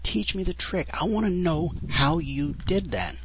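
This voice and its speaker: Guy doing a frantic young apprentice butcher, voice pushed up high, kinda muffled. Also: animated, measured pace, slight background noise. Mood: pleading. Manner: pleading, exasperated. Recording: dull lo-fi radio sound.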